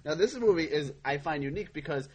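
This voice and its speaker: A man's voice: fairly high pitch, animated, fast talker, a little mellow, a little hiss or hum. A man interviewing a guest in a casual chat, asking curious questions.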